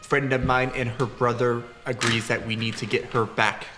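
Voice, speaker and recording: A player in a tabletop role-play who speaks with deliberate, formal phrasing. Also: mid-range voice, level tone, over music. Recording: echoey noisy room.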